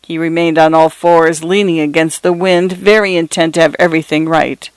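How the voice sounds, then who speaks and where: A man narrating a story in a measured, dramatic way, sometimes turning to speak to the listener directly. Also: a little high, little pitch movement, smooth, dry recording.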